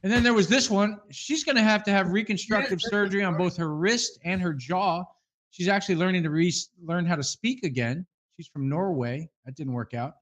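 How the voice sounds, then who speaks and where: A man's voice: high voice, brisk, fairly bright tone. A man co-hosting a comedy fake-news segment, rambling through mock-earnest reports and laughing between lines. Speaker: co-host of a comedy news parody.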